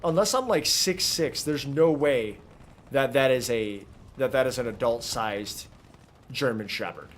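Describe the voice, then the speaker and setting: A man's voice: mid-range voice, measured pace, slight background noise. A man streaming a video game, rambling casually to his chat while he plays. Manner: rambling, chatty, talks to chat while playing. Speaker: gaming streamer. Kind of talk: casual live gameplay commentary.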